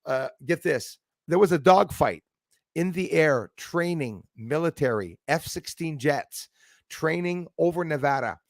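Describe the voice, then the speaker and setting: A man hosting a casual chat, telling stories in an excitable, animated way. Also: on the high side, measured pace, gravelly, no room sound, studio quality. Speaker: podcast host.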